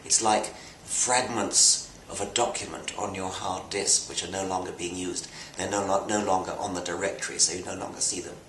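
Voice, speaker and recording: An older man with a British accent explaining science in a measured, precise way, sometimes restarting his phrases. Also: sits low, fairly even intonation, fairly bright tone. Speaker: interviewee. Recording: echoey room, voice from the mic, faint noise.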